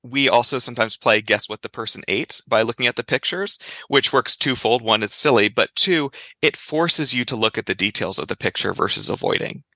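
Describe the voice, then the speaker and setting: A man speaking as a clinical psychologist guest in a conversational interview, explaining in a lively way and giving examples. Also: mid-range voice, a little fast, hardly any pauses, dry recording.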